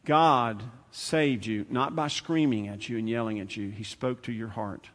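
A male preacher giving a sermon, conversational and repetitive, swinging from loud, fast bursts to hushed, slow lines. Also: medium pitch. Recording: long hall reverb.

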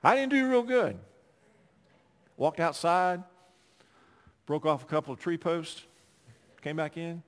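A man pastor preaching a sermon, swinging between loud emphatic passages and quiet, conversational asides. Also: fairly high pitch, big pitch swings, slow, long pauses, big-room sound.

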